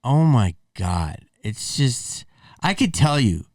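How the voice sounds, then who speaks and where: A man with a sing-song, mid-range voice speaks slowly, captured on a dry, studio-quality recording from a distant mic. He's a podcast host reacting to clips in a blunt, rambling, profane way.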